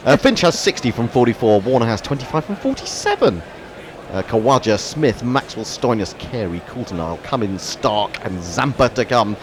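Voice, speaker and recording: A man calls a cricket match ball by ball in an animated, up-and-down voice and drops wry asides between deliveries. Faint traffic noise from outdoors sits behind him. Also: mid-range voice, moderate pace. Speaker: cricket commentator. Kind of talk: ball-by-ball radio commentary.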